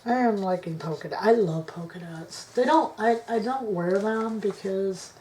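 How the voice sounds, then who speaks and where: A woman vlogging her craft work to camera on a tripod, thinking aloud, indecisive, often dropping into soft mutters. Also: medium pitch, moderate pace, slight background noise. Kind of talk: casual crafting chat to camera.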